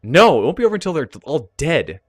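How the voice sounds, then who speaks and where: A man's voice: on the high side, very animated, quick pace, dry recording, clean studio sound, voice pushed up. A man voicing a haunted, frightened young female elf who talks shakily and urgently. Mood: bitter. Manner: shaky, urgent, fearful.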